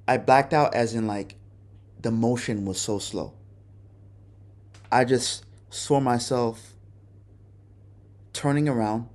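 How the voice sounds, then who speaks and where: A man's voice: medium pitch, slow pace, long pauses, a little mellow. A man hosting a podcast, telling a personal story in a candid, casual way and cursing often. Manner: candid, profane, conversational. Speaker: podcast host.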